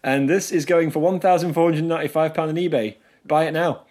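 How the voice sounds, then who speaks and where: A man's voice: on the high side, fairly even intonation, brisk, a little mellow. A man co-hosting a podcast, talking casually and laughing often as he goes. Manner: chatty, laughs often, talks over his co-host. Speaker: podcast co-host. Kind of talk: casual chat.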